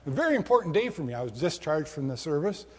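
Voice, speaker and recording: A preacher acting out a polite young ex-serviceman, eager and earnest. The voice is husky and sits a little high for a man. The sound rings in a long reverb. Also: sing-song, fast talker.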